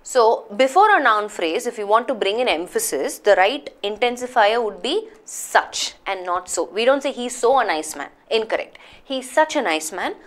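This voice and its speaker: A woman's voice: on the high side, animated, normal speed, hardly any pauses. Woman teaching a grammar class. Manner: explains patiently, asks checking questions.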